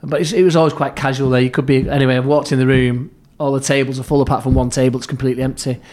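A middle-aged man recounting stories as a podcast guest, his voice sitting at an ordinary pitch. He talks in bursts, restarting phrases as the memories come. He acts out what others said and lowers his voice to a near murmur when the story turns tense. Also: racing. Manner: lively storyteller, acts out quoted lines, frequent restarts. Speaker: podcast guest, former football club therapist. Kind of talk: anecdotal storytelling in an interview.

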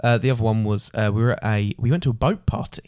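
A man's voice: on the low side, quick pace, a little mellow, clear, resonant tone, no echo, studio quality. Rambling young man, casual chat. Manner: rambling with many fillers. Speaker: podcast co-host.

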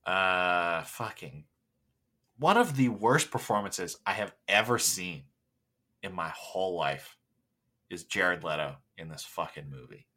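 Brief: blunt co-host, man, fairly low voice with a bright edge and lively pitch. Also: measured pace. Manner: blunt, dry, curses when criticizing. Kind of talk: casual movie review chat.

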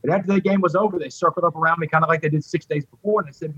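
A man's voice: a little high, very fast, hardly any pauses, a little hiss or hum. A man from Texas, telling a personal story as an interview guest and acting out the voices of others. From Port Arthur, Texas. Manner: animated, acts out quoted voices. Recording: dull lo-fi dry audio.

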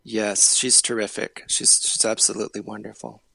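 A man's voice: on the low side, little pitch movement, normal speed, vocal fry, bright, forceful tone, dry recording. A man, an author, talking as a podcast guest, hesitant with frequent uhs and restarts. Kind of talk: interview conversation.

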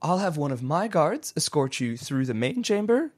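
Man doing a jittery young female desk guard in a tabletop game, pitched up high, apologetic and hesitant, polite but stalling. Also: very animated, normal speed, a little mellow. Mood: placating.

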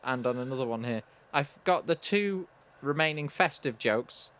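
A man hosting a relaxed comedy chat, reading out jokes flatly and dryly. His pitch sits at an ordinary middle height, and his delivery stays understated and matter-of-fact. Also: moderate pace.

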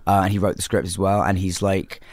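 A young English man chatting as a guest in an interview, talking in quick bursts full of fillers and restarts. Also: low-pitched, level tone, no echo. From England. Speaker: actor guest. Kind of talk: casual interview chat.

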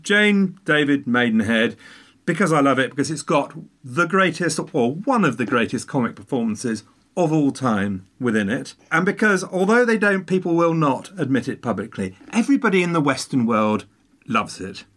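A man chatting casually, telling a long story with animated asides and tangents. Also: mid-range voice, normal speed. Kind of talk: casual chat.

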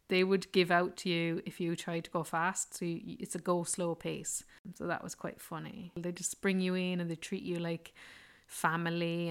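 Woman rambling about her travels, lots of likes, lowish voice. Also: clear, resonant tone. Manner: chatty, rambling, fond of fillers like "like" and "yeah". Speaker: travel vlogger. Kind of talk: casual travel story.

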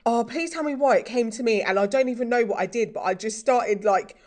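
A woman's voice: a little high, fairly quick, a little mellow. Rambling young woman. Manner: rambling, many "like" fillers, self-deprecating. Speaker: podcast co-host. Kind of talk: casual chat.

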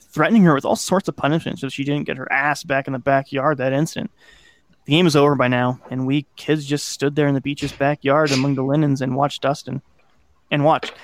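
A man's voice: on the high side, no room sound. A man hosting a podcast, casually narrating a scary childhood story and swearing now and then. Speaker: podcast host.

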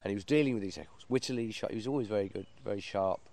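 A man telling an animated anecdote, acting out quotes and laughing as he goes. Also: fairly low pitch, very fast, creaky, slight background noise. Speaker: performer. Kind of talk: anecdote in casual chat.

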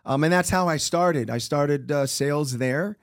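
A middle-aged man tells stories in a relaxed interview, bringing the people in them to life with their own lines. His voice sits a little high for a man, and the recording is dry and close. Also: a little slow, no echo. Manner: animated storyteller acting out quoted dialogue. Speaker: interview guest. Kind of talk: storytelling in a casual interview.

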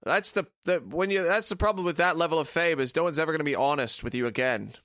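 A man with a high-pitched voice chats casually on a podcast, blunt and opinionated, swearing freely. His voice is recorded dry and close, with no room sound. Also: quick pace, fairly bright tone, dry recording. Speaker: podcast co-host. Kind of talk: casual chat.

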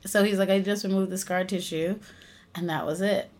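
At a moderate pace and in a mid-range voice, this young woman from the United States, who acts and sings, tells lively stories during a relaxed interview. Laughter comes frequently.

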